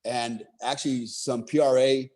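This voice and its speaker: A middle-aged American man, a military veteran, telling a war story in a casual interview, animated and swearing freely, laughing along as he talks. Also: medium pitch, normal speed.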